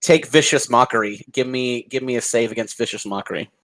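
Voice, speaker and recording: A man narrating and running a tabletop game as game master, in a calm, deliberate way. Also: medium pitch, poor audio.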